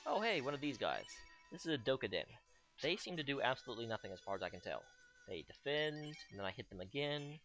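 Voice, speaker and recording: A man's voice: medium pitch, very animated, quick pace, fairly bright tone. A young man chatting through a game playthrough with a sarcastic, joking edge. His voice swings widely up and down as he reacts, and faint game music runs underneath. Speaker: let's play host. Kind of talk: casual gameplay commentary.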